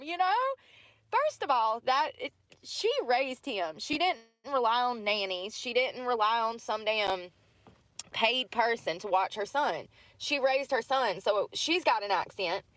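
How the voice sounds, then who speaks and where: A woman's voice: fairly high pitch, animated, unhurried, fairly bright tone, no room sound. A woman vlogging casually, rambling through asides and laughing often. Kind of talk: casual chat to camera.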